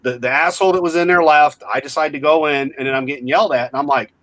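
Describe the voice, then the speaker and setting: A man's voice: a little high, fast, dry recording. A man in his forties telling a story in casual chat, blunt and full of swearing. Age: 40s. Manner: profane, blunt, animated retelling.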